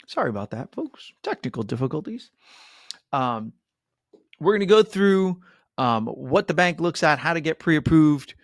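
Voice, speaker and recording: A man's voice: a little high, expressive, normal speed, dry recording, clean studio sound. A middle-aged man hosting a mortgage webinar, chatty and upbeat, with many fillers and "right?" asides. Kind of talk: webinar presentation.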